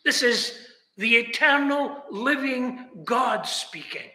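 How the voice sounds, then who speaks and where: A man's voice: sits high, animated, measured pace, bright, forceful tone. A man preaching a sermon in a chapel, emphatic, asking rhetorical questions and speaking straight to his listeners. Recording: echoey chapel with long reverb.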